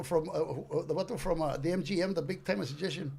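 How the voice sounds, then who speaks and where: Talking fast, this older guest comedian relates a humorous story on a podcast in a high, gravelly voice with a slightly mellow quality. He acts out the characters one by one and peppers his easygoing delivery with Spanish slang.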